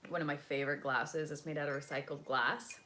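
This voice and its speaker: A young woman from the United States talks fairly quickly to her live viewers in a low voice with fairly even intonation and a sharp tone. She rambles, leans on fillers, and wanders between topics and languages. A little hiss or hum is audible.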